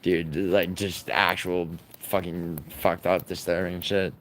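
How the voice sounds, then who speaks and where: Low-voiced guy ranting on his stream, swears a lot, bit of background hiss. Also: little pitch movement, slow. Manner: crude, profane, rambling and mocking. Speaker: livestream host. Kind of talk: casual livestream chat.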